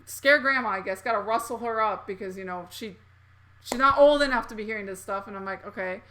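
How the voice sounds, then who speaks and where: A woman's voice: medium pitch, brisk, pushed and bright, slight background noise. A woman in her thirties hosting a casual chat, telling a story animatedly with lots of fillers and acted-out quotes. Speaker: host.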